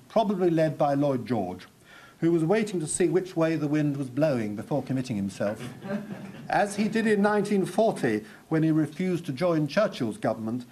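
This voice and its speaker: A man giving a history lecture, measured and reading quotations aloud. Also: mid-range voice, dark tone, husky, low-quality recording.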